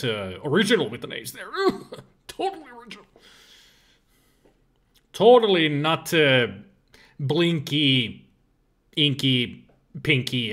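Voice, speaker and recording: Slow-talking, bright-voiced, tired male game streamer; lively pitch, laughs and cusses a lot. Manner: chatty, laughs often, swears freely, mocks the game. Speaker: livestreamer playing retro games. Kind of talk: casual live gameplay commentary.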